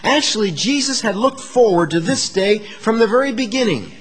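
A man preaching a sermon to his congregation, moving between hushed asides and emphatic, rising declarations. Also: sits high, lively intonation, moderate pace, slightly rough, in a large hall, faint music behind. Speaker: pastor.

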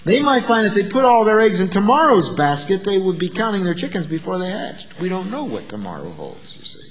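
A man preaching a sermon, asking the listeners rhetorical questions and moving between loud, emphatic lines and quiet asides. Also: high-pitched, big pitch swings, brisk, big-room sound.

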